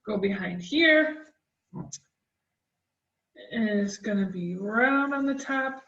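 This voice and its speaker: A woman art teacher talking children through a drawing, gentle and encouraging as she draws. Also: medium pitch, animated, slow pace, recorded from a distance. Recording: dull, roomy, from the mic.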